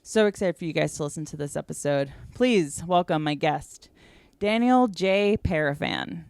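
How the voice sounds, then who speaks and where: A woman's voice: low-pitched, lively intonation, normal speed, vocal fry, a little mellow, clear, resonant tone, no echo. A woman hosting a podcast, chatting casually with many fillers and a little out of breath. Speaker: podcast host.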